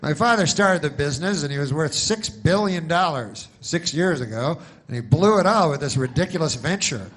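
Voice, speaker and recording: A man putting on a pushy insurance pitchman. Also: lively intonation, normal speed, few pauses, a bit bright. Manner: salesy, rambling pitch. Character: pushy male insurance pitchman for old people.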